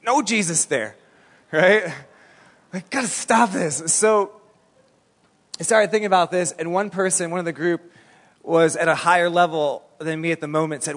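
Animated preacher man in an echoing hall. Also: on the high side, moderate pace, pauses often. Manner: animated storytelling, colloquial with many "like"s. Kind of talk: sermon. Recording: long reverb in a large hall.

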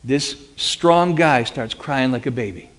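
A man recounts a dramatic personal story, switching into animated voices for the people in it. His voice sits at a middling pitch, and the long reverb of a large hall trails after each phrase. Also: a little slow. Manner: animated, acts out quoted dialogue. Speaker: speaker giving a personal testimony.

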